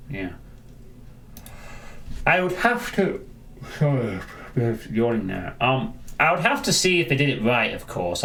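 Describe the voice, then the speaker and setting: A man's voice: fairly low pitch, bright, forceful tone, slight background noise. A man chatting casually on a live stream, rambling and answering viewers, often restarting his sentences.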